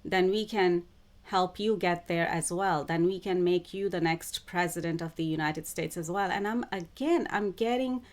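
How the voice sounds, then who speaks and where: A woman who calls herself a psychic channeler, talking to camera in a spiritual monologue, with slow, deliberate phrasing that keeps circling back to the same words. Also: on the low side. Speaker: self-described psychic channeler.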